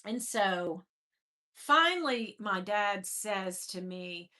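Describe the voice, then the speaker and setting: A woman's voice: mid-range voice, expressive, slow pace, sharp tone. A woman host on a livestream, telling a personal story to her viewers in a candid, emotional, casual way, with some swearing and greetings to the chat.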